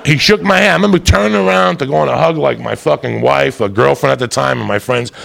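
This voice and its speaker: A middle-aged man telling a profane, rowdy stand-up story, loud and rambunctious, with a gravelly voice. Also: quick pace, noisy background. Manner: loud, profane, rambunctious, swings into high shouts. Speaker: stand-up comedian. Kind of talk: stand-up storytelling to a live audience.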